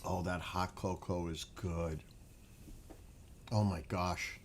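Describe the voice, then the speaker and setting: During a casual late-night stream outdoors by his house, the New York host chats and meanders with his audience in a low, slow voice. A bit of hiss or hum is audible.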